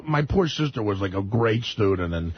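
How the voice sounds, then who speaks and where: A man's voice: on the low side, normal speed, dull audio, slight background noise. A man telling a story in casual podcast chat, laughing through it as he goes. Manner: laughs through his own story, animated.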